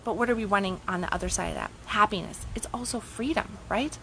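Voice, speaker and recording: A woman's voice: mid-range voice, fast talker, gravelly, pushed and bright, a little hiss or hum, poor audio. A woman life coach giving a blunt, casual motivational talk, swearing freely and asking rhetorical questions.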